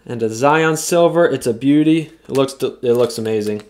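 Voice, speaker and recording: A man's voice: medium pitch, moderate pace, darkish tone. A man hosting a live trading card break, reading out the cards he pulls and whooping at the big hits. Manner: reads player names off cards.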